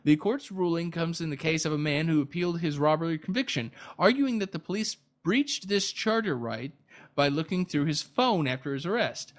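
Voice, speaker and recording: Guy reading headlines on a podcast, kinda high voice, sarcastic, trips over words a lot. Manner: sarcastic, stumbling restarts. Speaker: podcast host reading news. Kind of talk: casual news commentary.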